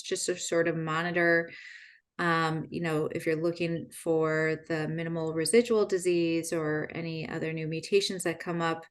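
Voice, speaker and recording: Woman moderating a webinar Q&A. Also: lowish voice.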